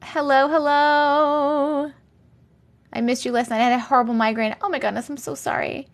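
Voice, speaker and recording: A woman's voice: fairly high pitch, very fast, gravelly. Chatty Long Island woman on a livestream. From Long Island, New York. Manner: chatty, animated, lots of likes and giggles. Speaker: livestream host. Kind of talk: casual live chat reading comments.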